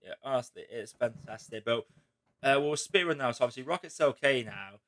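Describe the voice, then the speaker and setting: A man's voice: mid-range voice, expressive, fairly quick, a bit bright. A man hosting a casual spoiler chat, talking animatedly and acting out quotes in raised voices. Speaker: podcast host.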